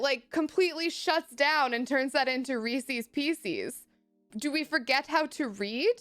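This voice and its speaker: Woman, casual live-stream chatter, bubbly and giggly, slightly high voice, faint background music. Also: animated, unhurried, a bit bright. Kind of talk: casual live-stream chat, reading chat aloud.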